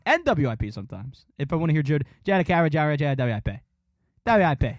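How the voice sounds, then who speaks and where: A man chatting casually about sports on a podcast, animated and fond of doing impressions. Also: a little high, quick pace, no room sound. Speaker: podcast host.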